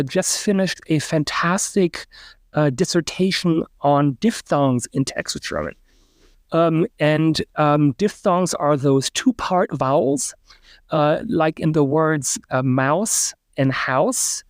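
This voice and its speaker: A middle-aged man with a slightly raised pitch explains his field as a podcast guest, pausing often on uh and um. He sounds out example words as he goes, like a lecturer. The sound is dry and close, with no room around it. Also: no room sound. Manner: lecturing, demonstrates pronunciations aloud, frequent uh and um. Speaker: linguistics professor, guest.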